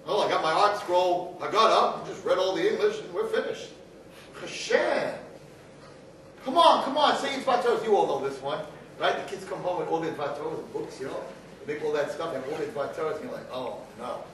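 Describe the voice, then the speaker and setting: A middle-aged man lecturing as a rabbi at a live event, swinging from quiet asides to shouting as he acts out arguing voices. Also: fairly high pitch, expressive, brisk. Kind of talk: animated live talk. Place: large hall at a live event. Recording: distant, echoey hall recording with faint noise.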